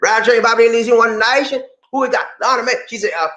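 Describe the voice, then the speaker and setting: A man hosting a casual livestream, playful and animated, greeting viewers by name and laughing often. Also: high voice, fairly quick. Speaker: livestream host. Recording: echoey room.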